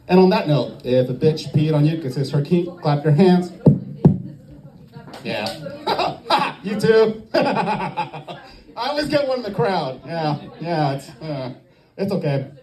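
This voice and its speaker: Southern guy doing standup at an open mic, kinda high voice but mellow, acts out voices, cracks himself up. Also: takes it slowly, low-quality recording. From American South. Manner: animated, acts out quoted voices, laughs at own jokes. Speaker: stand-up comedian. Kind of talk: stand-up comedy set. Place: comedy club open mic.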